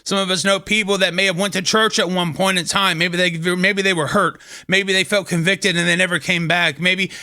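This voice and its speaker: A man with a bright, forceful tone and a slightly high voice talks earnestly about his faith and stumbles through restarts as he tells a story. The sound is close and dry. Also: clear, resonant tone, no echo. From Kentucky. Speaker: host of a faith talk show. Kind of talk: casual inspirational talk.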